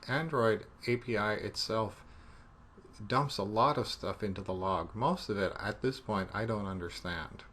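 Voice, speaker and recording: A man teaching programming in a relaxed screencast, thinking aloud as he debugs and joking about his own mistakes. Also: fairly low pitch, slight background noise. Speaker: programming instructor. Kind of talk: screencast coding tutorial.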